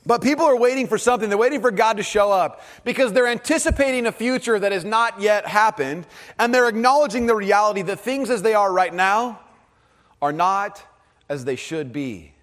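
A man preaching a sermon to a live congregation, conversational in tone, dropping to soft, low emphasis on key phrases. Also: expressive, brisk. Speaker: pastor. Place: large hall with audience. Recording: long hall reverb.

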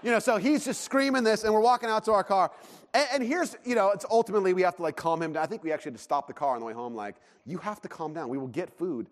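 A fairly high-voiced pastor in his thirties tells a family story from the pulpit, jumping into shrill shouts when he plays his son. His voice trails off into a long church reverb. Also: racing. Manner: animated storytelling, acts out child's shouts. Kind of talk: sermon with personal story. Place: church sanctuary.

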